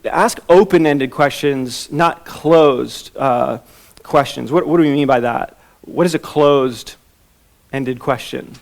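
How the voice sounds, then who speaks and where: A man's voice: mid-range voice, slow pace, vocal fry. A man teaching a church class on soul care, talking conversationally and acting out quotes. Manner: conversational, with restarts and acted-out quotes. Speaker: Bible teacher.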